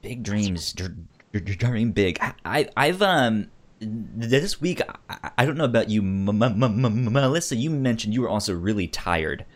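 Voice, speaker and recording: Male podcast co-host, low voice with a lively swing, hesitant and stammering. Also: moderate pace. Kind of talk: casual chat.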